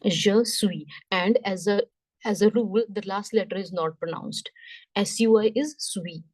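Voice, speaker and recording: A woman teaching French, explaining slowly step by step, often repeating herself and checking in with "right?". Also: medium pitch, darkish tone, no echo. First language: Punjabi. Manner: slow, repetitive, checks understanding with "right?". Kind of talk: classroom lesson explanation.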